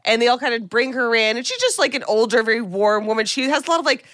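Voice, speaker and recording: A woman co-hosting a podcast, chatting casually through a movie recap and slipping into quick quoted lines along the way. Her voice sits a little high. The sound is dry and close, with no room echo. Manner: animated storytelling with quick acted-out quotes. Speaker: podcast co-host.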